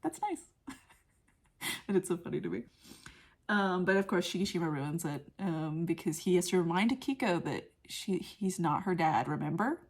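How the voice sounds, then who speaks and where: A woman's voice: lowish voice, moderate pace, darkish tone. A young woman giving a casual film review. She talks in a chatty way full of fillers and often drops into a whisper.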